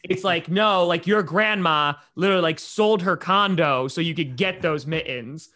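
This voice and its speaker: Man hosting a sports podcast, fairly high voice. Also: pushed and bright. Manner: quick agreeing interjections, joking riffs. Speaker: podcast host. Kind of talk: casual sports chat.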